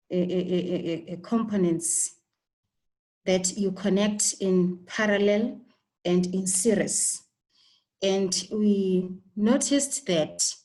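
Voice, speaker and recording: Slow-talking South African woman teacher. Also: mid-range voice, a little mellow, low-quality recording. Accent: South African English. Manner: slow, repetitive, with stammered repeats and many "okay?" checks. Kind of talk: live online lesson.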